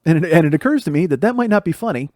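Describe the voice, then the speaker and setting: A man's voice: a little high, expressive, rapid-fire, darkish tone, no echo, clean studio sound. A middle-aged man from the Chicago area, hosting a podcast and telling profane stories about his childhood, laughing as he goes. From Chicago area, USA. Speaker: podcast host. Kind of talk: storytelling monologue.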